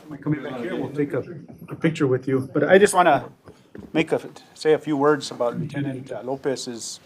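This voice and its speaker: A man on a city council making a sincere tribute speech, halting and full of filler words. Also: medium pitch.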